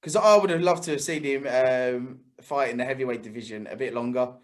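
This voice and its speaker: A man's voice: mid-range voice, brisk. A man chatting casually as a podcast co-host, laughing often and swearing freely. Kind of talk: casual sports podcast chat.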